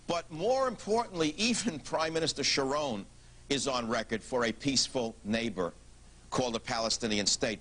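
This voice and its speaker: A male television talk show host with a voice of ordinary, mid-range pitch. He speaks bluntly and emphatically, pushing his points with rhetorical questions. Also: fairly bright tone.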